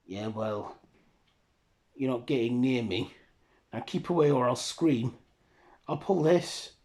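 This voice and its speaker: A man voicing a wary, sharp-tongued young woman who works as a nurse, talking quick and guarded. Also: on the low side, lively intonation, close to an everyday voice. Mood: defensive.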